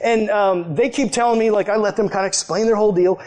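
A man's voice: high voice, steady tone, fast talker, a little mellow. A young adult man, a youth pastor, preaching a conversational, emphatic sermon to a youth group.

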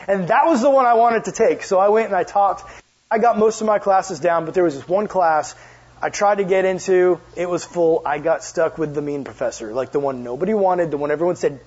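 Speaking fast in a high, darkish, slightly rough voice, a young youth pastor tells stories to his youth group with plenty of jokes, chatty asides and questions for the audience. The recording sounds dull and lo-fi.

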